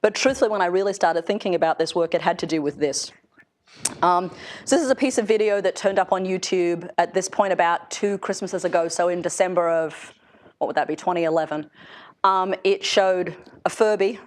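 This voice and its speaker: A middle-aged woman with a somewhat low voice gives a seminar talk to a room full of people. She speaks in a loose, conversational way and often laughs softly between her points. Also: fairly quick. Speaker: seminar speaker, researcher in industry. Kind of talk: lecture to an audience. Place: lecture room with an audience.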